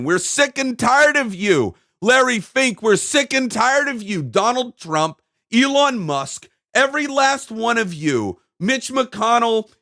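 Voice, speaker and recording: A man talks alone to his viewers in a heated, emphatic monologue. His voice is high for a man and moves all over the place, climbing and dropping as he drives his points home with repetition. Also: fairly bright tone. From United States. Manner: ranting, emphatic, repeating phrases. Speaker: video host. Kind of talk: heated solo monologue to camera.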